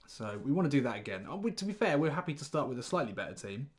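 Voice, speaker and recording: Chatty game streamer. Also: male voice, mid-range voice, sing-song, racing. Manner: chatty, rambling, thinks aloud and greets chat viewers. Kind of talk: live-stream gameplay commentary.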